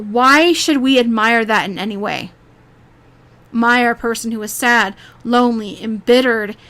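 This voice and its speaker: A woman's voice: fairly high pitch, a bit bright. A woman YouTuber giving a rambling, exasperated reaction commentary, swearing freely and restarting her sentences often.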